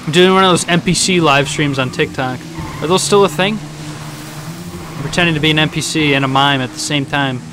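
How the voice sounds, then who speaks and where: A man live streaming a video game, chatting casually, rambling and joking with sudden loud outbursts. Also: a little high, fairly quick, noisy background.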